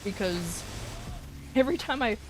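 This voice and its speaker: A woman with an American accent talks at a moderate pace, mid-range voice, lively intonation. Chatting casually on a stream, she rambles through a story, swearing freely and laughing often.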